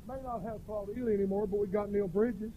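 Man, preacher, revival sermon, fervent, shouting, high voice, dull lo-fi sound. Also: fairly even intonation, fast talker, slight background noise. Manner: fervent, rising to shouted cries. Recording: dull lo-fi recording.

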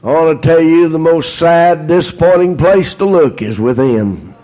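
A man's voice: fairly high pitch, normal speed, dark tone. A man preaching a fervent sermon, dotting his lines with amens and praise God, in a dull lo-fi recording.

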